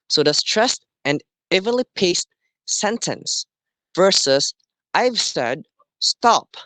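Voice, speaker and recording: A man teaching a class, explaining slowly and deliberately and often checking in with "okay". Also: fairly high pitch, bright, forceful tone, dry recording. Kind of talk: classroom lesson.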